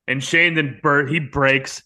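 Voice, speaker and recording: A man's voice: fairly high pitch, slow pace. An American man in casual conversation, animatedly telling a prank story and acting out the lines of the people in it. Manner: animated storyteller, acts out quotes loudly.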